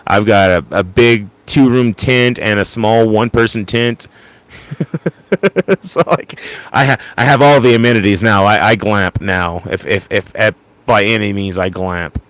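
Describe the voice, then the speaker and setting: A man's voice: on the low side, unhurried, a bit bright, no room sound. A man hosting a casual late-night livestream into an ASMR microphone, rambling and stammering as he repeats words. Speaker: livestream host.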